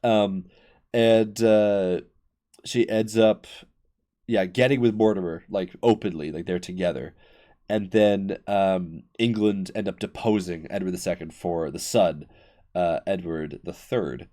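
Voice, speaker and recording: Excitable young man retelling history. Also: sits low, measured pace. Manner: excited, rambling storytelling with frequent fillers and restarts. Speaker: podcast host. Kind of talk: casual history chat.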